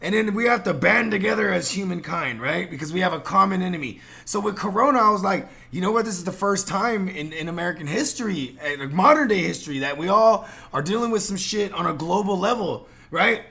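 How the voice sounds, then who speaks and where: A man's voice: high-pitched, lively intonation, fairly quick, vocal fry, few pauses, sharp tone. A man from San Jose hosting a casual podcast chat, talking in a rambling, profane, heated way with many fillers and restarts. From San Jose, California. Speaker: podcast host.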